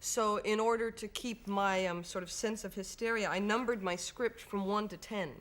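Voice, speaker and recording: A young American woman, a film actress, chatting as a guest on a studio talk show, telling animated stories with frequent laughs. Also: medium pitch, moderate pace. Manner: giggly, animated storytelling. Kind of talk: studio chat show interview. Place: television studio.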